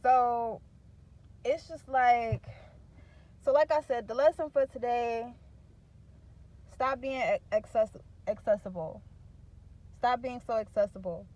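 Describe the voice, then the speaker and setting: A woman's voice: a little high, a little mellow. A young woman, venting bluntly and profanely to camera in a candid vlog. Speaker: vlogger.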